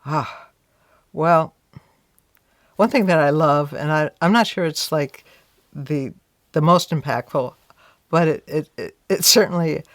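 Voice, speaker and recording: A woman's voice: low-pitched, unhurried, pauses often, no echo, studio quality. A woman being interviewed, telling a story in a reflective, conversational way, often saying "you know" and voicing her own past thoughts aloud. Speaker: interview guest.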